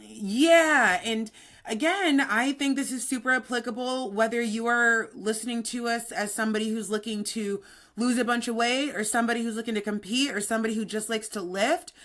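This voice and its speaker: A woman's voice: fairly high pitch, moderate pace, fairly bright tone. A woman in her thirties, a fitness coach co-hosting a podcast, talking in a chatty, sassy, upbeat way. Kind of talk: casual podcast chat.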